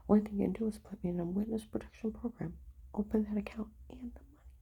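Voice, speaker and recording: A woman talking in a rambling monologue, mostly in a whisper, with a husky voice. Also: medium pitch, fairly even intonation, fast talker, lo-fi sound. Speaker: vlogger.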